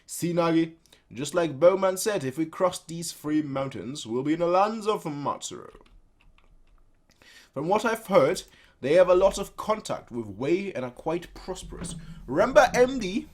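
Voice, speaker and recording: A man's voice: on the high side, animated, a little slow, voice pushed up. Man reading as a weary old retainer with regrets. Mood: persuasive. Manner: earnest, lecturing.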